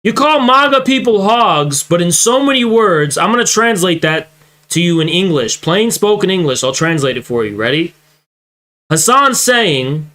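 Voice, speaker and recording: A man's voice: high voice, very animated, measured pace, sharp tone. A young man streaming, who reacts to a clip with mocking, profane commentary that keeps getting more heated. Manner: mocking, swearing, growing heated. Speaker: political streamer reacting to clips.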